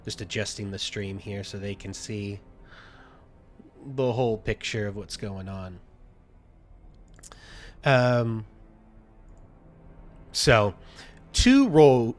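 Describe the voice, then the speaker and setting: A man running a tabletop game as game master, talking in a halting way with many fillers as he narrates scenes to his players. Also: lowish voice, expressive. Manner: halting, many fillers while reading out descriptions.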